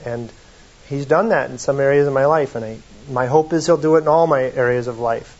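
A man's voice: medium pitch, brisk, darkish tone. A man preaching a sermon in a folksy, conversational way, often reading quotations aloud, in a slightly muffled recording.

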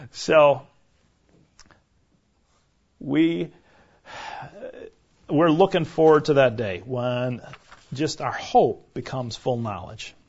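A man's voice: mid-range voice, drawn-out words, pauses often, darkish tone, husky. A man teaching a conversational sermon, asking his listeners questions and checking in with "right?" as he goes. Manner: chatty, keeps asking the room "right?". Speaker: pastor teaching a Bible study. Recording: dull lo-fi recording.

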